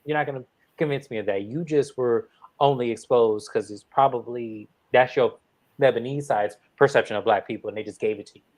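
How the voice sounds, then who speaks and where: A man from the Bay Area talks through a reality episode as a regular guest. He is emphatic and deliberate, and he hammers points home by repeating himself. His voice sits in an ordinary middle pitch. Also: a little mellow, poor audio. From San Francisco Bay Area. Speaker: regular guest on a TV recap show. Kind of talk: casual recap discussion.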